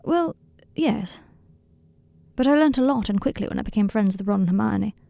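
A woman voicing an earnest, tender young male wizard in an audiobook reading of a fan story, speaking in a softly confiding, slightly rambling way. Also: medium pitch, lively intonation, normal speed, creaky, no echo.

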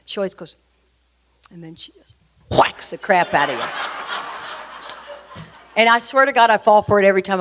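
A woman's voice: mid-range voice, moderate pace, long pauses. Middle-aged woman telling a confiding story. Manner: lively, confiding, addresses listeners directly. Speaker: speaker sharing a recovery story. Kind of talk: personal storytelling talk to an audience.

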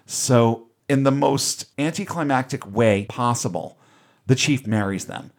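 A man's voice: medium pitch, measured pace. A man casually retelling a movie's plot on a podcast, wry and offhand, with the odd swear. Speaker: podcast host recapping a film. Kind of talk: casual recap chat.

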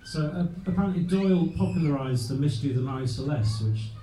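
Speaking quickly in a fairly high but dark-toned voice, this male host chats his way through facts from his notes at a live venue. It's picked up from a distance in an echoey room with a bit of faint noise.

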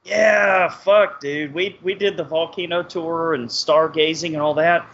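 A man hosting a podcast, chatting casually with energetic, profane banter and frequent laughs. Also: a little high, unhurried. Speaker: podcast host. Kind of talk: casual chat. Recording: dull lo-fi sound.

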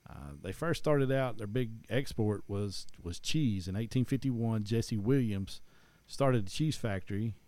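A man's voice: lowish voice, measured pace, hardly any pauses, darkish tone, no room sound. A man, chatting casually and rambling with many restarts. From East Tennessee. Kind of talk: casual chat.

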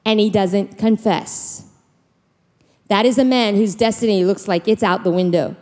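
A woman preacher giving an emphatic, animated sermon in a church hall, telling stories from scripture. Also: medium pitch, measured pace. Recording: long hall reverb.

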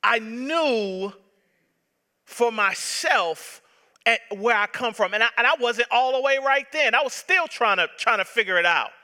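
A man's voice: very high-pitched, lively intonation, measured pace, bright, forceful tone. A man in his thirties, a pastor preaching a sermon with impassioned, emphatic repetition. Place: church sanctuary. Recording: long reverb of a large hall.

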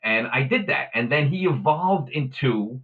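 Lively man telling a story. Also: mid-range voice, unhurried, narrow, tinny audio. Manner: animated, acts out quoted voices. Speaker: guest. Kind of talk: casual storytelling.

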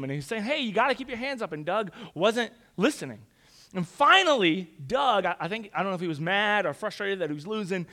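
Man, young adult, storytelling, animated and casual, high tense voice. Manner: animated, conversational, casual slang. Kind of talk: storytelling talk.

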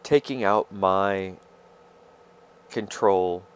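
A man with a slightly low voice talks alone into his podcast mic. His speech is halting and confessional, full of fillers and restarts as he searches for words. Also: smooth. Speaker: podcast host. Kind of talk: rambling personal monologue.

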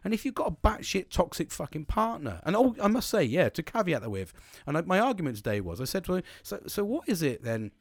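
A man's voice: high voice, fast talker, dry recording, studio quality. Blunt, sweary man venting. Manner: blunt, sweary, animated storytelling. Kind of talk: casual monologue.

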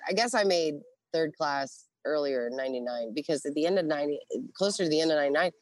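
A middle-aged woman guest casually telling a profane story about her Navy years, acting out the dialogue with animated energy. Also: sits low, fast, no room sound. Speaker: guest, former Navy religious program specialist.

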